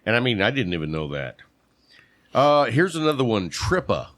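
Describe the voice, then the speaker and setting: A man's voice: mid-range voice, big pitch swings, moderate pace, no room sound. A man co-hosting a casual podcast chat, quizzing his partner on terms and calling out right answers with playful exclamations. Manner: playful quizmaster, shouts "bam" on right answers.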